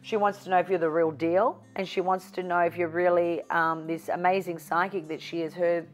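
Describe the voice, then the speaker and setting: A woman's voice: on the low side, a little fast, faint music behind. A middle-aged Australian woman from Newcastle, a psychic guest telling stories in an interview and acting out the dialogue. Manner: animated storyteller, acts out quoted dialogue. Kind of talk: storytelling interview chat.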